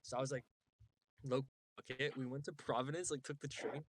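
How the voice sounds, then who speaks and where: A man's voice: medium pitch, steady tone, a little fast, no echo. A young man telling a long story on a podcast, rambling and slangy with lots of filler words. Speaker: guest.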